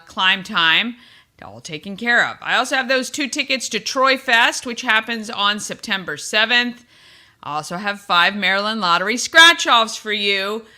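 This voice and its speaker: A woman's voice: mid-range voice, bright, forceful tone. A woman hosting a morning radio show, chatting casually and reading out giveaways in an upbeat way.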